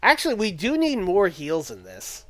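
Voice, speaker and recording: A man's voice: sits high, huge pitch swings, moderate pace, a bit bright. A man casually talking through a strategy game on a livestream, thinking aloud and addressing his chat. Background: faint background music.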